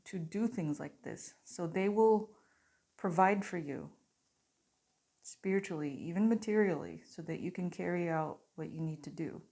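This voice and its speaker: A woman with a lowish voice gives a spiritual card reading to her viewers. Her tone is mellow and warm, and she speaks in an earnest, softly conversational way. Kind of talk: channeled oracle reading to camera.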